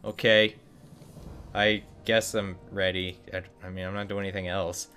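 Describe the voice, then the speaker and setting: A man's voice: deep voice, flat delivery, a little fast, sharp tone, soft background music. A man streaming a video game live, chatting in a rambling, playful, self-mocking way. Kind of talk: live-streamed gameplay chat.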